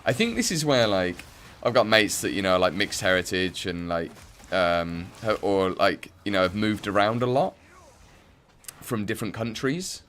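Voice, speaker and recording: Low-voiced English man, rambling stream chat. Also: animated, normal speed, fairly bright tone, a little hiss or hum. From English Midlands. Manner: rambling, many fillers and restarts. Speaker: game streamer. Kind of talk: casual chat while playing.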